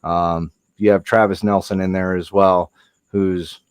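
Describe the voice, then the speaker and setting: A man's voice: sits low, unhurried, clean tone, dry recording. A man hosting a stream, telling a funny story in a casual way and swearing often. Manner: animated, swears a lot, acts out quotes. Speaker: livestream host.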